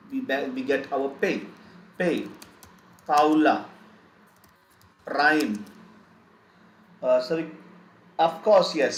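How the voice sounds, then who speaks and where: A man's voice: fairly high pitch, a little hiss or hum. A man teaching German pronunciation in a live online lesson, going through the alphabet and saying each sound several times. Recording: echoey room, faint keyboard typing.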